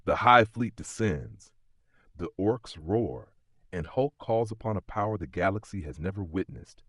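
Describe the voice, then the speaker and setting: A man's voice: low voice, animated, a little slow, a bit bright, no room sound, studio quality. A man telling an epic story in scripted dramatic narration.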